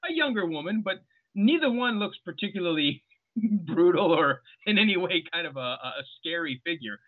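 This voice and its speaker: A man's voice: fairly high pitch, animated, normal speed. A man guest on a podcast, explaining points at length in casual film talk and acting out short quotes. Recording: tinny phone-like line.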